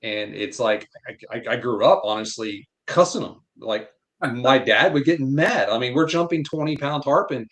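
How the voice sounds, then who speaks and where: A man from Florida, a podcast guest, telling fishing stories in a blunt, animated, opinionated way. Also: mid-range voice, a little fast. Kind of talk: casual fishing chat.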